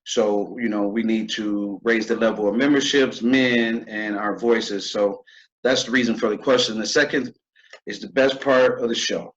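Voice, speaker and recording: A man's voice: lowish voice, steady tone, moderate pace, muffled recording. A man hosting an interview show, speaking in an earnest, conversational way with fillers. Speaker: host. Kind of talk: podcast interview.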